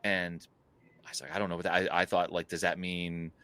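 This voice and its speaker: A man co-hosting a podcast, telling a travel story in a casual, animated way, full of fillers and laughs. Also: sits low, fairly quick, clear, resonant tone. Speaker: podcast co-host.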